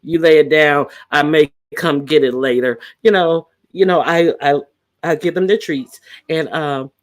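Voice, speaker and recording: A man's voice: a little high, measured pace. A man hosting a live stream, chatting casually with viewers in a rambling way, full of fillers and restarts. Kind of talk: casual chat.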